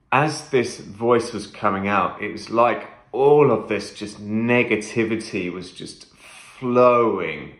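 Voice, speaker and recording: A man's voice: lowish voice, fairly bright tone, echoey room. A man vlogging a first-person trip report, talking intensely and emphatically, swearing often and repeating phrases.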